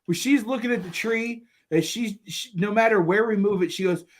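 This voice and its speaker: A man in his thirties co-hosting a casual podcast, telling family stories in an animated way and laughing through them. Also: high-pitched, moderate pace, crowd noise. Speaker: podcast co-host. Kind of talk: casual chat.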